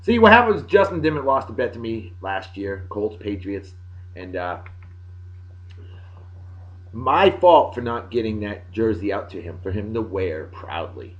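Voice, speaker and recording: A man hosting a casual video blog, giving jokey shout-outs to friends in a boisterous way that swings between loud and soft. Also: on the low side, sing-song, measured pace. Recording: dull lo-fi sound.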